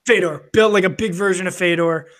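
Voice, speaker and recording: A man's voice: high voice, fairly even intonation, brisk, fairly bright tone. A man co-hosting a casual podcast, rambling through a story with lots of fillers and restarts. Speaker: podcast co-host. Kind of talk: casual chat over drinks.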